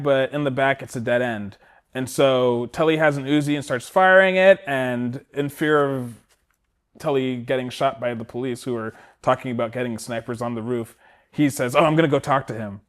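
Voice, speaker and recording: A man's voice: medium pitch, normal speed. A man co-hosting a podcast, recapping a film in casual chat and acting out the characters' lines as he goes. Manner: animated storytelling, acting out characters' lines with laughs. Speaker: podcast co-host.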